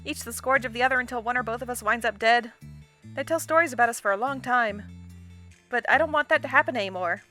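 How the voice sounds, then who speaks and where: A woman's voice: on the high side, fast talker, bright, forceful tone, soft background music. A woman voicing a blunt, sarcastic young female troll lawyer from a visual novel, speaking in a dry, tough way. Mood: earnest blunt.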